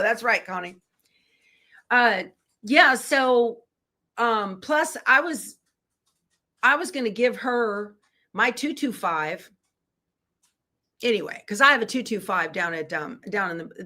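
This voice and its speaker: Middle-aged woman, bright voice, folksy live-stream host chatting with viewers. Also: medium pitch. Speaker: quilting channel host.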